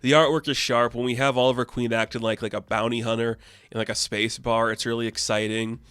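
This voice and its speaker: Young male comic reviewer, casual and rambling, mid pitch, dry booth sound. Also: level tone, brisk, fairly bright tone, clean tone, no room sound. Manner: rambling, frequent "like", acts out characters. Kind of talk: casual chat.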